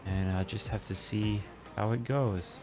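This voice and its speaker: A man giving casual gameplay commentary, thinking aloud in a relaxed way with small hesitations. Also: on the low side, a little slow, soft background music.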